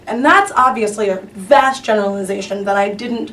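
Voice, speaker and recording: A woman's voice: medium pitch, moderate pace. A woman on a discussion panel, telling stories and acting out what people said to her. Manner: animated storyteller, acts out quoted people. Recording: distant mic, light noise.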